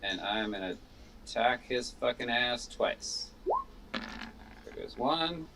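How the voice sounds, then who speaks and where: A man describes his moves in a tabletop game in a casual way. He speaks slowly with a lively, swinging intonation. He sits far from the mic, with faint noise behind. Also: medium pitch. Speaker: player.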